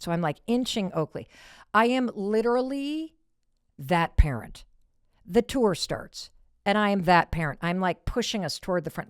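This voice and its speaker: A Michigan woman in her fifties hosts a podcast, telling a personal story with expressive delivery, slipping into whispers for asides and swearing casually. Her mid-range voice moves at a normal speed, captured in a dry, studio-quality recording.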